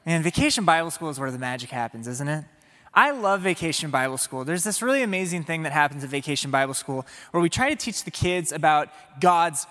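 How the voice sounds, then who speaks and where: A man with a high, bright, ringing voice delivers an energetic, playful sermon and keeps turning to the congregation. His words hang in the long reverb of a large church sanctuary. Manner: energetic, playful, speaks to the audience. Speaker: pastor.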